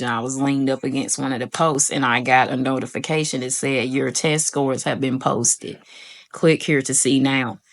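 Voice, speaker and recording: A young woman, telling her own story to viewers in a casual vlog and acting out what she said back then. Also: extremely low pitch. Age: young adult. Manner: animated retelling, acts out her own quoted voice; addresses viewers as y'all. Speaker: vlogger.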